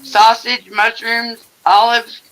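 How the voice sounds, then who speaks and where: An older man hosts a casual livestream from his home, telling crude stories in a blunt, profane way. His voice has a bright, edgy tone. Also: very high-pitched, monotone, slow, rough recording. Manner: blunt, profane storytelling with laughter. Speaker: livestream host. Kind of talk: casual chat.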